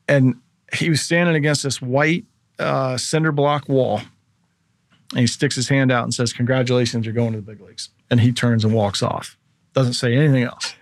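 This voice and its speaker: Man, 30s, podcast guest, casual storytelling, mid pitch, dry studio sound. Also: moderate pace, dry recording. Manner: animated storyteller acting out quoted voices. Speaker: guest, former pro baseball pitcher.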